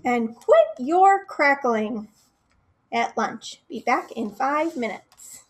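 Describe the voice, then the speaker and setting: A woman's voice: high-pitched, slow pace. A young woman, a children's librarian, reading a picture book aloud at storytime, talking right to the kids and asking them questions. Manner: expressive, talks straight to the kids, asks them questions.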